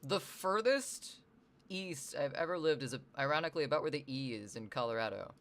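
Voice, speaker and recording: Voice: medium pitch, lively intonation, a little fast, a bit bright. Rambling streamer from the US Northwest. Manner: rambling and chatty, reads chat aloud, swears casually. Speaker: livestreamer answering chat. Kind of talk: casual livestream chat.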